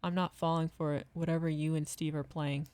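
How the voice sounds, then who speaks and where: A woman's voice: sits low, level tone, a little fast, a little mellow, smooth, no room sound, lightly acted. A woman voicing a blunt, skeptical young woman who is wary of a prank.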